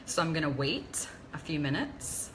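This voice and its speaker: Live-stream host, woman: bright tone, confessional chatter over a faint hiss. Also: sits low, normal speed, rough recording. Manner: chatty, confessional, greets viewers by name. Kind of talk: casual live-stream talk.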